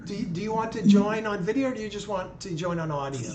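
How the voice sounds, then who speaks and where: Running a casual live video chat with callers, this livestream host keeps things relaxed and conversational. He has a high, slightly mellow voice, speaks quickly and animatedly, and the echoey recording carries a bit of hiss or hum.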